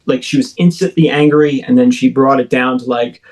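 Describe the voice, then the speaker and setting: A man of ordinary pitch tells a long personal story as a podcast guest. His delivery is casual and loose, padded with "like" and "you know". He often breaks off and restarts his sentences. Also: steady tone, normal speed, darkish tone, poor audio. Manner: rambling, full of "like" and "you know"; self-correcting, restarts mid-sentence. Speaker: podcast guest recounting alien encounters.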